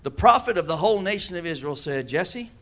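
A pastor preaching a sermon, calling out to the congregation and acting out quoted voices with humor. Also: male voice, high-pitched, lively intonation, brisk, a bit bright. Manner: preaching with call-and-response asides.

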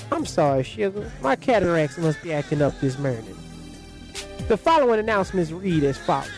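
A man's voice: high voice, darkish tone, pitched above the performer's own voice. A man voicing a forgetful elderly grandmother who reads out a radio ad in a doting, muddled way, over background music. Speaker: ad announcer.

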